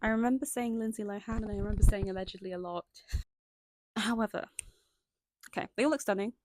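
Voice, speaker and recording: A woman's voice: mid-range voice, steady tone, fast talker, noisy background. A young woman narrating a scripted video essay, stopping now and then for chatty, self-conscious asides. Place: indoors at home, lighting changing.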